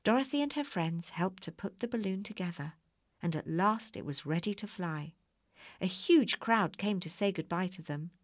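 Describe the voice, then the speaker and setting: A woman narrating a children's storybook in a calm, clear way. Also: on the low side, moderate pace, no room sound, studio quality. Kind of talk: storybook reading.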